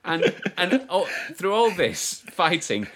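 A man's voice: sits high, slow. A man co-hosting a podcast, making wry remarks and giggling in casual chat. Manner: wry, giggly, lively delivery. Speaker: podcast co-host.

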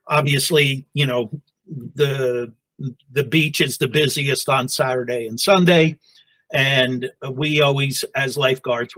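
A man in his sixties from the New York area, a podcast guest telling stories in an unhurried casual way. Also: mid-range voice, fairly bright tone, low-quality recording. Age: 60s. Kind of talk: casual chat.

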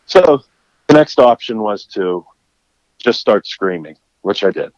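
A man's voice: fairly low pitch, measured pace, no room sound, lo-fi sound. A man who runs fishing charters tells a story in casual conversation and acts out the quotes. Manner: animated storyteller acting out quotes. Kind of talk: casual storytelling in a podcast chat.

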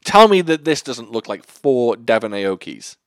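Young man, casual film chat, animated intonation, rambling, swears, dry sound. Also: mid-range voice, unhurried, no room sound. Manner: rambling, swearing, laughing often. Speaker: podcast co-host.

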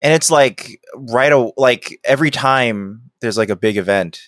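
A man's voice: medium pitch, unhurried, a bit bright, no room sound, clean studio sound. A man in a casual podcast chat who laughs often.

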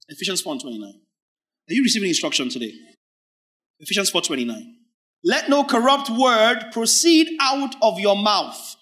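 Preacher, male, high-pitched; emphatic sermon delivery that drags words out and drops to near-whispers between loud lines. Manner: emphatic, drawn-out words, sudden swings from loud to hushed; acts out imagined church members in quoted asides.

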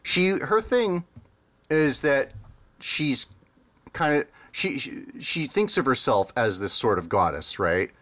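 A man co-hosting a casual podcast chat, rambling and amused, with many fillers and quick laughs. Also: mid-range voice, expressive, fairly bright tone. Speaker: podcast co-host.

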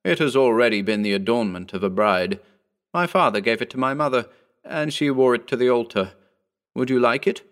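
A man's voice: medium pitch, animated, brisk, a bit bright, lightly acted. A man reading a story voices an earnest, pleading young nobleman who is proud but fearful. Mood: tender.

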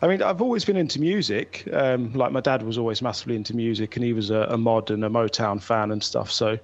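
A man's voice: mid-range voice, quick pace, lo-fi sound. A man in his thirties with a North London accent, chatting easily as a podcast guest and telling stories. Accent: North London English. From England. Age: 30s. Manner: easygoing, chatty storyteller. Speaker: guest listener. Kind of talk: casual podcast chat.

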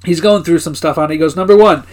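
A man's voice: a little high, fast, darkish tone. A man co-hosting a podcast who casually recaps episodes, laughing often and swearing now and then. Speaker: podcast co-host.

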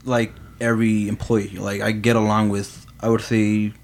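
An employee rambles casually about his workplace, leaning heavily on fillers and "you know." His lowish voice keeps a level tone at a normal speed.

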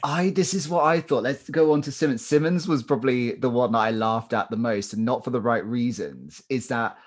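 A man's voice: medium pitch, a little fast. Chatty guy on a podcast. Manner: jokey, chatty, laughs often. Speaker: podcast co-host. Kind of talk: casual chat.

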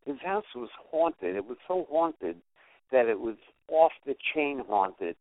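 An older guest musician, speaking at medium pitch and a measured pace, shares tales in a laid-back interview. He's an animated narrator who impersonates the people involved, and the recording is dry with a tinny, phone-like quality.

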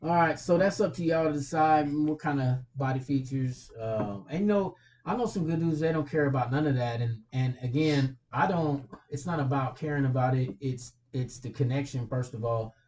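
A man's voice: mid-range voice, moderate pace, hardly any pauses, darkish tone. A man from California cohosting a casual chat, joking around in loose slang and laughing often. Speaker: podcast co-host.

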